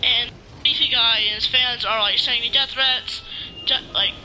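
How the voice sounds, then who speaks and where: A man's voice: extremely high pitch, steady tone, moderate pace, bright, forceful tone. A man, a gaming YouTuber, ranting casually in a vlog, rambling with lots of restarts and fillers and swearing now and then. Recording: noisy background hum.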